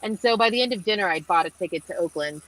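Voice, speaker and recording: A woman's voice: mid-range voice, fast, low-quality recording. Chatty young woman telling stories. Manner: chatty storytelling, lots of fillers, animated quotes. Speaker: marine engineer and mentor. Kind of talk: webinar panel answer. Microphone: video call.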